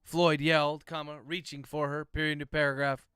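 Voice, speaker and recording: A man's voice: fairly high pitch, level tone, moderate pace, pushed and bright, clean tone, dry recording, clean studio sound. A man, an author, dictates his novel aloud on a livestream, speaking each comma and period, then chats loosely with viewers. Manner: speaks punctuation marks aloud while dictating; loose, chatty asides to viewers between passages.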